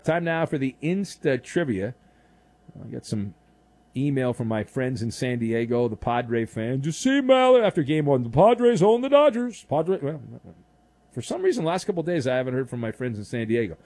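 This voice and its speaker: A man's voice: mid-range voice, a little mellow, dry recording. A male sports radio host talking in a jokey, teasing way to callers and listeners. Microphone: studio microphone.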